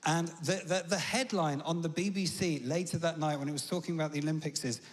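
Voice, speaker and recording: A man's voice: a little high, fairly even intonation, fast. A British man giving a conversational sermon in a church, telling stories with humorous asides. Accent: British English. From Britain. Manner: chatty storytelling, humorous asides. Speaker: preacher. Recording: long church reverb.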